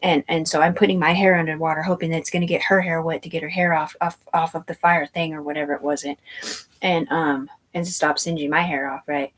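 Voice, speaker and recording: Rambling, foul-mouthed woman, lowish voice. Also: fairly even intonation, fairly quick, a little hiss or hum. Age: adult. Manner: tangential, swears freely, many fillers and asides. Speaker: vlogger telling a personal story. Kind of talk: rambling first-person storytelling.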